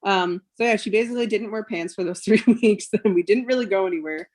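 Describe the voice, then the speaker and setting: A woman's voice: medium pitch, fast talker, darkish tone. A woman in her thirties, a mother and podcast guest, retelling a painful personal story with lots of "like" and "um" and quoted dialogue. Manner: emotional retelling, quotes others, frequent fillers like "like" and "um".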